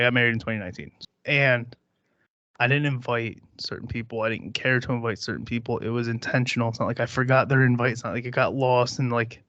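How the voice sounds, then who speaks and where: A man's voice: medium pitch, a bit bright, dry recording, lo-fi sound. A man in his thirties hosting a podcast, talking bluntly and dismissively with plenty of swearing. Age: 30s. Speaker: podcast host. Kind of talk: casual chat.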